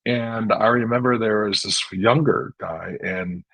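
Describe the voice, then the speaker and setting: Middle-aged guy, low gravelly voice, kinda husky, earnest rambling interview chat. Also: measured pace, dry recording, low-quality recording. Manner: earnest, animated storytelling with many restarts. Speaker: interview guest.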